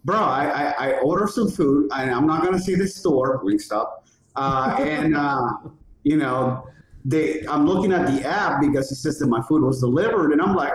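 A man's voice: fairly high pitch, normal speed. A man co-hosting a casual podcast, telling a story with lots of swearing and acted-out quotes. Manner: animated storyteller, swears freely, acts out quotes. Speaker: co-host. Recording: roomy echo with faint background noise.

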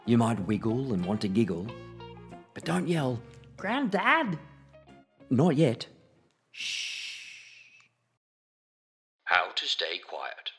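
A man reading a children's picture book aloud in an expressive, playful storytelling manner. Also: on the low side. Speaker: storybook reader.

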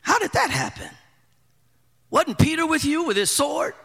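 A man's voice: very high-pitched, very animated, moderate pace, gravelly, pushed and bright, long reverb tail, pitched above the performer's own voice, full character voice. A man acting out an incredulous everyday man who fires skeptical questions at a friend.

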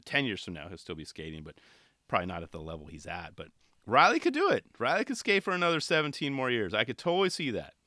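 A middle-aged man hosting a podcast, talking casually in a rambling, relaxed way with many restarts. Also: medium pitch, fast, no room sound, clean studio sound. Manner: rambling, relaxed, self-interrupting. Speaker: podcast host. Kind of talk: casual solo podcast talk.

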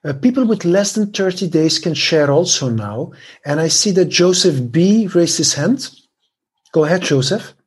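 Husky man chairing a meeting. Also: on the high side, animated, moderate pace. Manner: brief and procedural. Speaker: meeting moderator.

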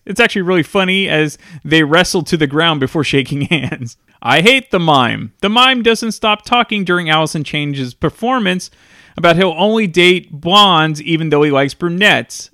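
Bright chatty guy doing a laid-back film review, laughs a lot, dry close mic. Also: fairly high pitch, dry recording. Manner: chatty, laughs often while recapping.

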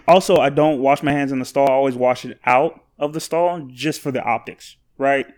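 A man co-hosting a casual podcast chat, an animated storyteller who laughs often and swears freely. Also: medium pitch, normal speed. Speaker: podcast co-host.

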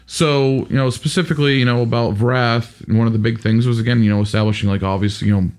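A man's voice: mid-range voice, fairly even intonation, quick pace, darkish tone. A man who runs a tabletop game, explaining in a rambling, casual podcast chat. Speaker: game master.

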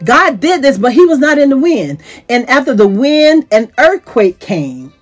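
A woman teaching from the Bible at an unhurried pace, reading the verses aloud and then retelling them simply. Her pitch lifts whenever she grows excited. Faint music plays quietly beneath her voice. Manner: reads scripture aloud then retells it in plain words; voice rises in pitch when excited. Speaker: teacher of a church series.

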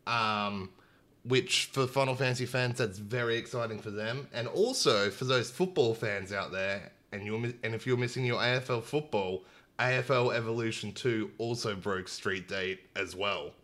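A man's voice: on the low side, normal speed, a bit bright. A man hosting a gaming podcast, chatting casually and enthusiastically with lots of fillers. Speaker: podcast host. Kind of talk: casual chat. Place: home, streamed online. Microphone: internet stream with dropouts.

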